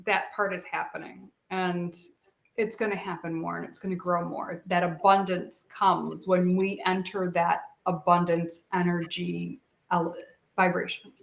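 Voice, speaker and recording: Animated, expressive middle-aged woman storyteller. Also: on the low side, measured pace, creaky. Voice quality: expressive, animated storyteller who acts out quotes. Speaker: guest, speaker and coach. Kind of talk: emotional personal storytelling.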